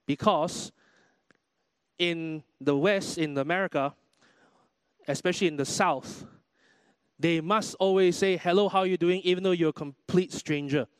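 High-voiced man preaching a lively sermon. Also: unhurried, long pauses, smooth, no echo. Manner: animated preaching with mimicked quotes. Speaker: pastor. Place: church.

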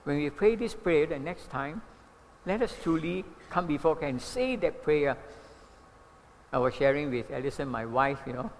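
A man in his seventies with a Malaysian English accent, preaching a sermon as an animated storyteller who keeps saying "you know". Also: fairly high pitch, moderate pace, long reverb tail, a little hiss or hum. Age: 70s. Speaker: pastor.

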